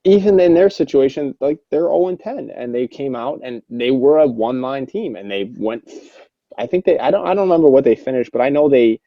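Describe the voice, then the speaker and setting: A young man co-hosting a casual podcast about an online hockey league, rambling and excitable, swearing freely and restarting his sentences a lot. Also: medium pitch, fairly quick, no echo. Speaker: podcast co-host. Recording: dull, lo-fi, dry sound.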